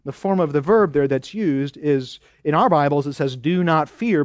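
A man's voice: a little high, lively intonation, normal speed, few pauses, no echo, studio quality. A man preaching a sermon as pastor, earnest and building to emphatic repeated exhortations.

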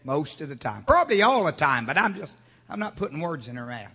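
A man preaching a sermon, calling on the congregation to answer him and rising to shouts. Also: fairly high pitch, very animated, fairly quick, slightly rough, big-room sound. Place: church sanctuary.

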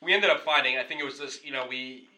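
A man's voice: mid-range voice, fast, bright, forceful tone, low-quality recording. A man hosting a podcast, telling a rambling story in casual chat and swearing freely. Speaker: podcast host.

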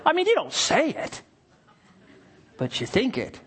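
A male pastor delivers a sermon in a lively, sing-song voice that climbs and dips widely. He drops to near-hushed asides, then bursts out excitedly. He acts out little scenes with playful voices. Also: very high-pitched, measured pace, a little hiss or hum.

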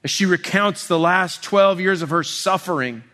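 A man preaching an expository sermon in a conversational way, full of restarts, dropping soft and slow on tender passages. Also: high voice. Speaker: pastor.

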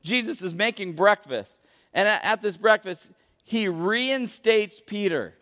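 A man preaching a sermon as pastor, questioning the congregation and swinging between loud emphasis and hushed intensity. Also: high-pitched, animated, measured pace. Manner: questions the congregation and calls for answers. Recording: long reverb of a large hall.

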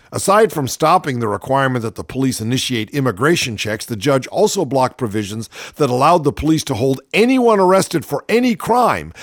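A man's voice: medium pitch, dry recording, studio quality. A man hosting a comic radio talk show, reading news items and telling stories with sardonic, mocking commentary.

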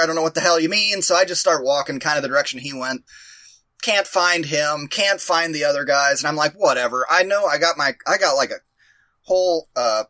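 A man's voice: fairly high pitch, bright, forceful tone, no echo. A man telling a rambling, profane, self-mocking story in a casual chat.

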